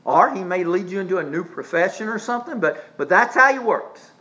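A male pastor preaching a sermon, with dramatic swings between soft asides and shouted emphasis, sometimes drawing words out slowly. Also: high-pitched, expressive, poor audio.

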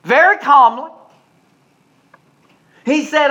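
A male pastor preaching a sermon, telling stories dramatically and swinging between loud and hushed delivery. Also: very high voice, expressive, a little slow, long pauses. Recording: dull lo-fi recording.

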